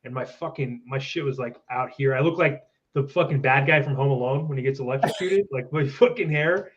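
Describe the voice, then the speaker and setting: A man's voice: medium pitch, fairly quick, muffled recording, slight background noise. A man trading laid-back, profane jokes and stories in casual chat. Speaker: podcast guest.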